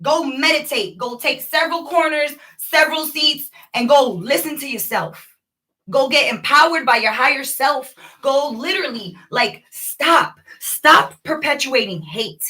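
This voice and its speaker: A woman vlogging a rambling, preachy spiritual monologue to her viewers, animated and addressing them directly. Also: high-pitched, unhurried, distant mic, low-quality recording.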